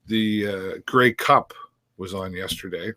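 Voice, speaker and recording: A man hosts a casual live-streamed chat in a fairly low voice. He talks loosely, full of fillers and false starts. The sound is dry and close. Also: slow, pushed and bright, no echo. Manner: rambling, many fillers and restarts. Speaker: live-stream host and sports commentator.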